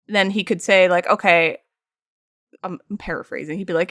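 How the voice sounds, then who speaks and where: A woman's voice: mid-range voice, fairly quick, no room sound. 30s woman streaming her painting, just chatting, acts out convos when she tells a story, laughs a lot, close dry mic. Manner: animated storytelling, acts out quoted lines, frequent laughs. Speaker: art streamer. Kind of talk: casual chat while painting on stream.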